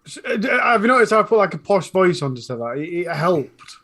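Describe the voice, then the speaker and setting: A man's voice: high voice, very animated, a little fast, bright, forceful tone. A man with a Northern English accent co-hosting a casual live stream, reading tongue twisters from chat and laughing at his own stumbles. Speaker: co-host.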